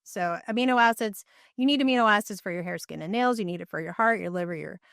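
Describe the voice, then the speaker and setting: Smooth-voiced woman explaining eagerly. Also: medium pitch, fairly bright tone, no room sound, clean studio sound. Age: middle-aged. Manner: enthusiastic, explains in quick lists. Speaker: guest, nutrition therapy practitioner. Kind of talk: podcast interview.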